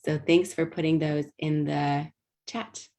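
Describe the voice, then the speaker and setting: Low, gravelly-voiced woman teaching a webinar. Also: little pitch movement, slow, warm tone. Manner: explanatory, frequent ums and restarts. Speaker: workshop presenter. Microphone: video call mic.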